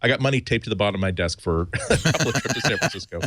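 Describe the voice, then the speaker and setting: Deep-voiced man rambling thoughtfully. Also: sing-song, rapid-fire, fairly bright tone, no echo, clean studio sound. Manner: thoughtful, restarts often, long explanations. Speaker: tech commentator, panelist. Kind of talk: casual tech panel chat.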